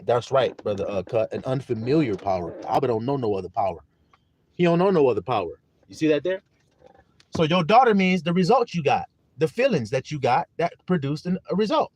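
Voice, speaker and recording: A male preacher delivering a sermon in an animated, emphatic way with casual profanity. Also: mid-range voice, a little fast, husky.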